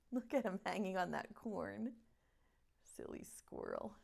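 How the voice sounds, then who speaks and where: A woman's voice: medium pitch, creaky, darkish tone. A woman preschool teacher leading an online circle time, reading a picture book aloud and asking the children questions. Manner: slow, sing-song storytelling voice that asks children questions.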